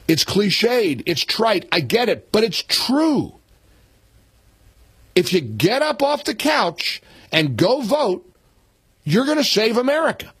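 A man's voice: high-pitched, a bit bright, slightly rough, no echo. A man in his sixties hosting a talk radio show, speaking emphatically and repeating points for punch. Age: 60s. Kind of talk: opinionated political talk radio.

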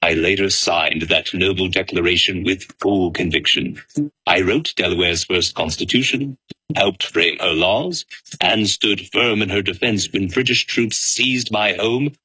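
Brief: man as a cautious founding lawyer, deep bright voice, dignified. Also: unhurried, breathy edge, no room sound, heavily acted, low-quality recording. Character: cautious lawyer-legislator, diplomatic older man. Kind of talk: first-person historical monologue.

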